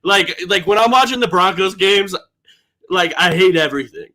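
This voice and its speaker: A young man hosting a casual sports podcast with a bright, forward tone. He talks in a relaxed, meandering way, filling gaps with um and like. His energy drops low and soft as he winds things down. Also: normal speed. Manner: laid-back, trails off with many fillers and likes. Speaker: podcast host.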